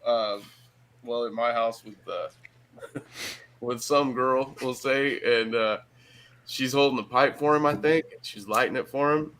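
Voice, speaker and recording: A man's voice: medium pitch, a little slow, a bit bright, poor audio. A middle-aged man from Michigan, telling a story in casual podcast chat, swearing and laughing hard through it. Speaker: podcast guest.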